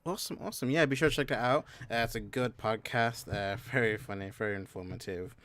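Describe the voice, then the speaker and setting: A young man running a tabletop game as game master, narrating slowly with many ums and pauses. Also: on the low side, fairly bright tone. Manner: slow, halting narration full of ums and uhs.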